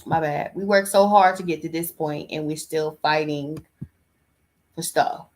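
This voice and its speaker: Woman podcast host, lower voice, emphatic, exasperated commentary. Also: fairly even intonation, unhurried. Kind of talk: casual reaction commentary.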